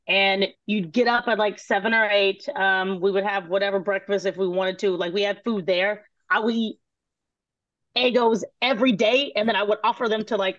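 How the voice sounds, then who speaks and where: A woman, a guest telling casual stories in an interview, animated and laughing, swearing and acting out quotes. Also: medium pitch, no echo, highs cut off. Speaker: guest, former cooking show contestant.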